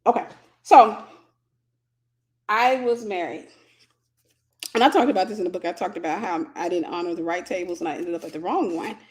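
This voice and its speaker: A woman's voice: on the low side, moderate pace, long pauses, a little mellow. Chatty woman telling a story live. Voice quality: chatty, with asides to viewers. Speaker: Christian mentor and online teacher. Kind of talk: casual storytelling to a live audience.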